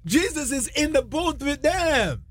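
Animated, laughing Bible-teaching co-host. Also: high-pitched, unhurried. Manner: animated, laughs often, retells scripture dramatically; non-standard English grammar. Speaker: Christian radio co-host.

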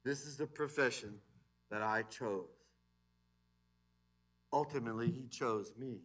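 A man preaching a sermon as pastor in a church, animated, swinging between loud emphasis and quiet asides. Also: mid-range voice, a little slow. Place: church sanctuary.

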